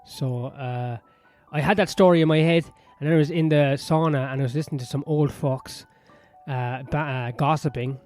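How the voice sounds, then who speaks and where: A man with an Irish accent, his voice sitting slightly high for a man, delivers a rambling, profane comedy monologue as a podcast host. His tone is sardonic and loose, and he keeps circling back to gossip. Faint piano music plays quietly under him. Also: fairly even intonation, moderate pace. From Ireland. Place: sauna-area home in west London. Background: soft piano music.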